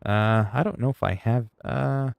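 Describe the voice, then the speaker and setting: A man's voice: mid-range voice, fairly even intonation, normal speed, gravelly, smooth, no room sound. Jokey man streaming games. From Canada. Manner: jokey, rambling, playful. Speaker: livestreamer. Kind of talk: casual chat while gaming.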